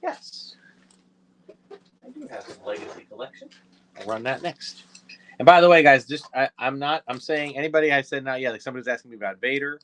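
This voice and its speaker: A man hosting a live toy auction with easygoing, chatty patter. He talks straight to the viewers, slips in quick asides and fixes his own slips as he goes. His voice sits at a middle pitch for a man. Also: big pitch swings, fairly bright tone, slight background noise.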